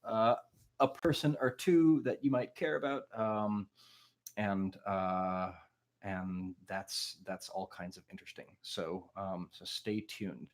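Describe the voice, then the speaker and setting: Man, musician talking to a live-stream crowd, lowish voice, loose and rambling, plenty of ums. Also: slow. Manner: rambling, full of fillers, self-deprecating. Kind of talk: casual chat with a livestream audience.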